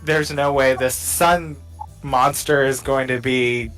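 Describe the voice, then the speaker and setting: Tabletop player, very slow pace, musing, questioning, faint background music. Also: medium pitch, fairly even intonation, poor audio. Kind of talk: casual table talk.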